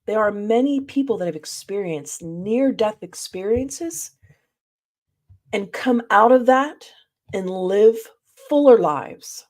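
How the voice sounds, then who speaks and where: A woman presenting a reflective spiritual study talk, speaking in a measured way and addressing her listeners directly. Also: mid-range voice, lively intonation, darkish tone.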